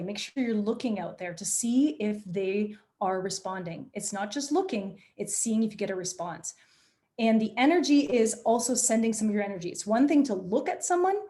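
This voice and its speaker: A woman leading an online workshop on presentation skills, speaking in an energetic, demonstrative way over a video call. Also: medium pitch. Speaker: presentation coach.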